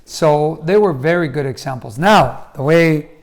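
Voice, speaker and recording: A middle-aged man spins a family story in casual chat, his voice sitting a touch high for a man. He acts out each quoted line, jumping up in loudness and pitch, then dropping back down to tell the rest. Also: a little slow. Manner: animated storyteller who acts out quoted lines with bursts of loudness. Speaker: host, husband and father.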